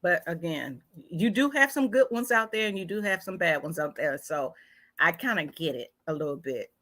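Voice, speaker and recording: A woman co-host in casual chat, quiet and agreeable, giving short replies. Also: lowish voice, animated, normal speed, no room sound, clean studio sound.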